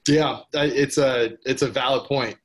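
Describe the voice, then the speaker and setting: A man in relaxed podcast conversation, middle-pitched and eager. He rambles, restarts his sentences and leans on filler words as he gets excited about an idea. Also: normal speed. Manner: enthusiastic, rambling with many restarts and "like". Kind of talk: casual conversation.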